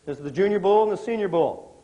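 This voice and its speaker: A middle-aged man gives a motivational talk to a live audience, in a voice a bit higher than most men's. He speaks conversationally, asks the crowd questions and works jokes into his points. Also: animated, fairly quick, warm tone, highs cut off.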